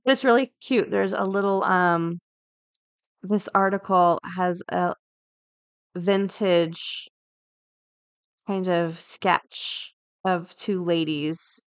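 A woman hosting a daily podcast, chatting casually and reading an article aloud, thinking out loud as she goes. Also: on the low side, slow, long pauses, no echo. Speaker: podcast host.

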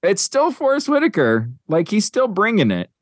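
Rambling podcast host, lively man. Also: sits high, moderate pace, no room sound, studio quality. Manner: rambling, filler-heavy, eager list-counting. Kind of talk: casual chat.

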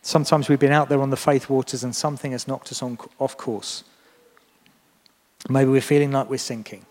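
A man's voice: medium pitch, little pitch movement, normal speed, a little mellow. A man preaching a sermon in a church, talking earnestly and encouragingly to the congregation. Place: church hall. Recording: long reverb of a church hall.

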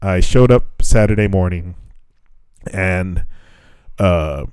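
A man's voice: low-pitched, slow pace, a little mellow, smooth, no room sound. A man hosting a podcast, telling a profane, laughing story in casual chat. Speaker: podcast host.

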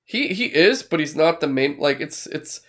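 A man's voice: fairly high pitch, animated, normal speed, fairly bright tone. A man co-hosting a casual podcast, rambling with fillers and restarts, swearing now and then. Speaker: podcast co-host. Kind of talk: casual chat.

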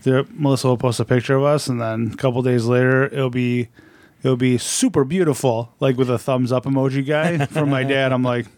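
A man's voice: medium pitch, level tone, fairly quick, hardly any pauses, a little mellow, no room sound. Casual man telling family stories. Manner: rambling, laughing, swears casually. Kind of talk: casual storytelling chat.

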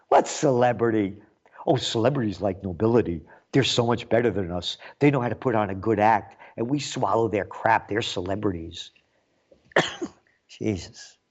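A man's voice: fairly low pitch, muffled recording. Sarcastic New man ranting. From New York. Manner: sarcastic, mocking, swings between loud jabs and muttered asides. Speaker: commentary show host. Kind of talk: ranting commentary monologue.

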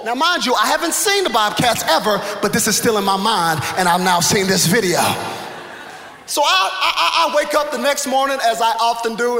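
A male pastor in his thirties preaching a sermon, telling a funny story with animated energy that builds to excited shouts. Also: high-pitched. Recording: echoey hall, live room ambience.

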